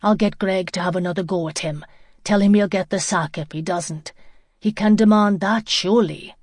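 A woman reading the part of an angry young man who has been jilted, with a forceful, clipped delivery. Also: medium pitch, moderate pace, no room sound, studio quality, close to an everyday voice. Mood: urgent.

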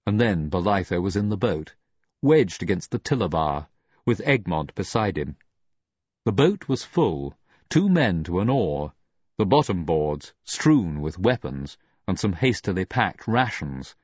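A man narrating an audiobook in a dramatic, expressive reading. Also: sits low, unhurried, slightly rough, dry recording, lo-fi sound. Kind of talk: scripted narration.

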